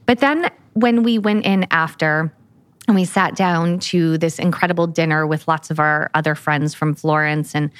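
A woman's voice: fairly low pitch, a bit bright, no echo. A woman co-hosting a casual podcast, telling a heartfelt story with many restarts. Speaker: podcast co-host, event organizer. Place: lives in Florence.

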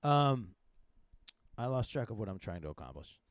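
A man's voice: on the low side, very animated, moderate pace, no room sound. A man hosting a podcast in casual chat, teasing and crude, often stumbling over his words and restarting, on a close studio mic. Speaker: podcast host. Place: studio room, in person.

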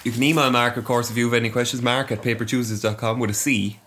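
A man's voice: mid-range voice, steady tone, fast talker, a crowd in the background. An Irish man hosting a podcast in a chatty, casual way. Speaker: podcast host.

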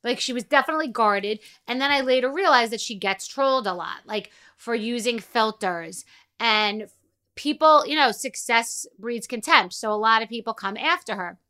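A middle-aged woman hosting a podcast, talking bluntly and casually with frequent swearing. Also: fairly high pitch. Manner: blunt, profane, rapid and animated. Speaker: podcast host. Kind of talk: casual monologue.

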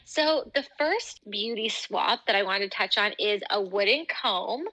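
A woman's voice: mid-range voice, expressive, measured pace, pushed and bright, low-quality recording. A young woman co-hosting a podcast, chatting casually and telling upbeat stories full of "like" fillers. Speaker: podcast co-host. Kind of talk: casual chat.

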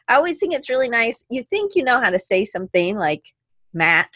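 An effusive woman from the United States hosting a casual interview, talking warmly and at length. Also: fairly high pitch, big pitch swings, fairly quick, dry recording. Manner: bubbly, effusive, talkative. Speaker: podcast host.

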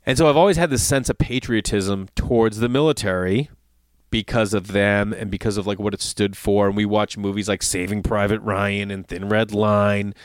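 A man's voice: on the low side, moderate pace, clear, resonant tone, no echo. A middle-aged man telling a story in a casual monologue, ranting and swearing as he goes. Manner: profane, ranting, animated storytelling.

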